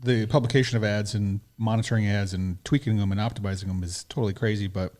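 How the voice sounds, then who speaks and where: A man co-hosts a podcast in relaxed conversation and mostly answers with short, agreeable replies. His voice sits a little below average in pitch. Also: fast. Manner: brief, agreeable back-and-forth. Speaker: podcast co-host. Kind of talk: casual chat.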